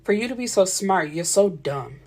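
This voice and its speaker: A woman's voice: medium pitch, expressive, moderate pace, a little mellow, husky. A woman voicing an angry young woman who confronts her boyfriend, blunt and cursing. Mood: furious.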